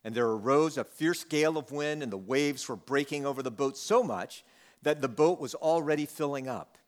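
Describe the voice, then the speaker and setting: A man's voice: medium pitch, moderate pace. A man teaching a Bible passage in a conversational way, reading the text and then acting out the disciples' lines with humor. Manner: conversational, acts out quotes with humor. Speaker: preacher.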